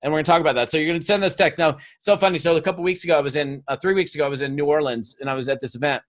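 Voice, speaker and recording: A man's voice: fairly high pitch, fairly even intonation, rapid-fire. A man speaking live to an audience as a motivational speaker, coaxing them through an exercise and telling stories with acted quotes. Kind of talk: live seminar talk to an audience.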